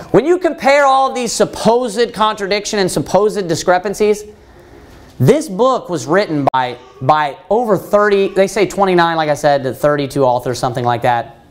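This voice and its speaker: A man leads a Bible study as pastor, his voice pitched high and swinging widely in pitch. He teaches emphatically, pressing the room with rhetorical questions and restarting his sentences as he goes. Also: sing-song, moderate pace. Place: church.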